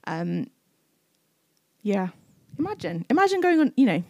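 Chatty woman giving a sermon, lots of ums, warm low-key voice, dry mic. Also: very animated, a little slow, no echo, dull audio. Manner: chatty, many fillers, acts out quoted speech. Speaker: preacher. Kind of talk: casual conversational sermon. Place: church service.

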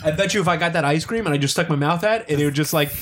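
A man's voice: fairly high pitch, very fast, heavy background noise. A man in casual chat, telling stories with lots of swearing and laughter, his mouth burning from hot sauce. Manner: profane, laughing animated storyteller. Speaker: friend in hot sauce challenge.

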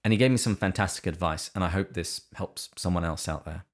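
A man with a notably deep, low voice speaks in a relaxed, conversational way on a podcast. He talks about faith in an earnest, reflective manner. Now and then he slips in some dry humor. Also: a little fast. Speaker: podcast co-host.

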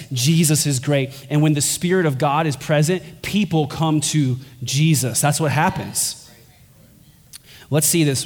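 A pastor preaching a sermon, earnest and emphatic, his voice climbing higher on key points. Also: darkish tone. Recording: long hall reverb with faint music.

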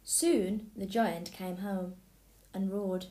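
A woman's voice: medium pitch, fairly even intonation, slow, warm tone. Woman reading a fairy tale aloud. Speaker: storybook reader. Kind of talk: scripted fairy tale narration.

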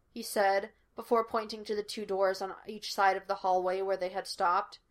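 A woman reading fan fiction aloud as audiobook narration, in a steady, even storytelling manner. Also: mid-range voice, normal speed.

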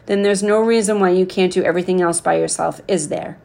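Woman reading a firm, measured father, coaxing, low and gravelly, storybook voice. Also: fairly even intonation, a little mellow. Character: stern worried father on the phone.

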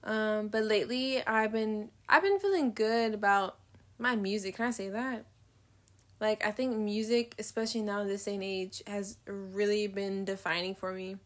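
A woman's voice: mid-range voice, moderate pace. A young woman vlogging in a casual, candid monologue, rambling between thoughts, swearing freely and laughing often.

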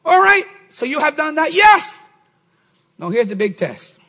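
Man, middle-aged pastor, high bright voice, animated preaching, shouts and murmurs. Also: a little slow. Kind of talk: sermon.

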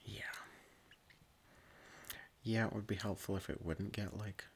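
A young woman in relaxed casual chat, laughing a lot. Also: rumbling low, unhurried, gravelly, husky. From Saskatchewan, Canada.

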